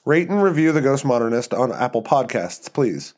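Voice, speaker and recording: A man hosting and narrating a story podcast in a scripted reading voice. His pitch sits in the middle and his delivery stays even and measured.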